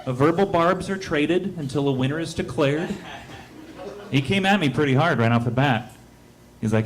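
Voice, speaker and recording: Man, stand-up comedian, deadpan storytelling, acted-out voices, club stage, handheld mic. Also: fairly high pitch, moderate pace, long pauses, slight background noise.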